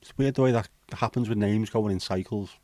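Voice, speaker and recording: A middle-aged man hosts a casual livestream chat, reading viewer comments aloud and answering them bluntly while swearing freely. His voice is fairly low and warm, a little fast, with no room sound.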